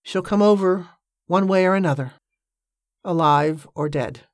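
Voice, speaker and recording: A woman voicing a gruff, worried middle-aged boatman uncle who speaks in curt, clipped replies. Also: lowish voice, unhurried, no echo, studio quality. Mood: tense, gruff.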